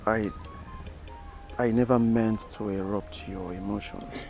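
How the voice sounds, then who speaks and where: A man's voice: on the low side, slow, faint music behind. An apologetic young man. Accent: Nigerian English. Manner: apologetic, calming.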